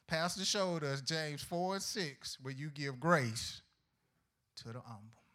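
High, bright-voiced preaching man. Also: animated, slow. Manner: call-and-response preaching with questions to the congregation; folksy, humorous delivery with acted-out prayers. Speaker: pastor. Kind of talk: sermon to young people.

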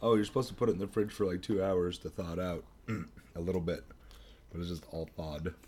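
A podcast co-host who talks casually in short, mumbled replies and often clears the throat. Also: deep voice, steady tone, fairly quick, darkish tone. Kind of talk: casual chat.

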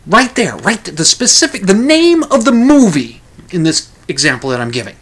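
A man hosting a podcast, delivering a casual solo monologue in a rambling, animated way with frequent restarts. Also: high-pitched, normal speed, slightly rough.

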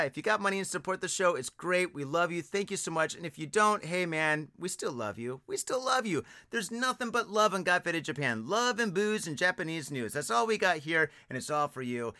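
A man hosting a podcast in casual chat, excitable and profane, who laughs often. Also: on the high side, no room sound, studio quality. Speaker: podcast host.

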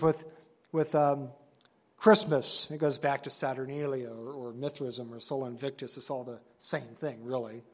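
A man giving an earnest, emphatic sermon-style Bible teaching, slowing down to stress key words and reading scripture aloud. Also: a little high. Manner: reads scripture aloud in old-fashioned wording.

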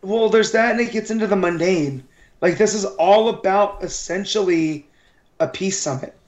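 Higher-voiced enthusiastic male co-host. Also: moderate pace, roomy sound. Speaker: podcast co-host. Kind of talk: casual chat.

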